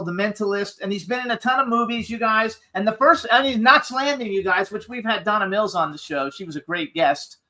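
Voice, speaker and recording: A male radio host with a high, sharply bright voice gushes about his guest. He reels off a long list with fan-like eagerness. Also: low-quality recording. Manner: eager, gushing, rattles off lists. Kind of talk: radio interview.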